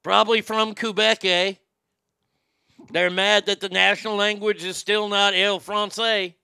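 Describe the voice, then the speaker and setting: A man's voice: high voice, little pitch movement, normal speed, gravelly, sharp tone, smooth, no echo, clean studio sound. A man hosting a casual show, ranting sarcastically with lots of profanity. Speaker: podcast host.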